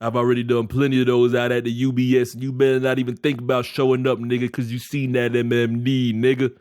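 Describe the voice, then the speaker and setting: A gruff, menacing rapper growls slow threats in a deep voice that is louder than normal talk, as a man puts him on. The sound is dry and close, with no room echo. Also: completely flat delivery, close to an everyday voice. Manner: taunting, slow heavy threats.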